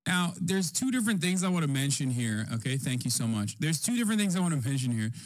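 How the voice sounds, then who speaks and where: A man in his thirties streaming, reacting to clips in casual chat with loud, profane, animated riffing. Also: a little high, fast talker.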